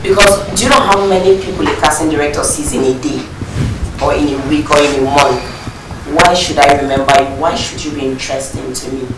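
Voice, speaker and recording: A man's voice: on the high side, brisk, noisy background. Emphatic Nigerian man coaching, roomy and distant. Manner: emphatic, mixes in pidgin, acts out scenes. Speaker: audition judge. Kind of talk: animated coaching talk.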